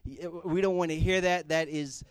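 A young man giving a casual, comedic sermon, animated and joking as he acts out people praying. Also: fairly high pitch, moderate pace, clear, resonant tone, no room sound, clean studio sound. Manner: animated, jokey, acts out prayers in put-on voices. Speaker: youth speaker.

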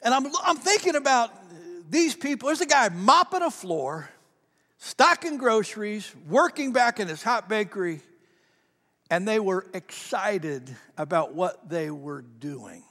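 Guy preaching, high voice for a man, chatty story style, long church echo. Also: big pitch swings, measured pace, a bit bright. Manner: conversational, repeats words, laughs at own stories. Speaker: pastor. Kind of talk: sermon with storytelling. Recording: long reverb of a large hall.

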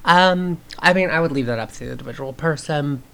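A woman's voice: deep voice, fairly quick, gravelly, a bit bright. A woman from the southern United States co-hosting a podcast, explaining things earnestly in a casual chat. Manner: earnest, explanatory, with many fillers and restarts. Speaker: podcast co-host.

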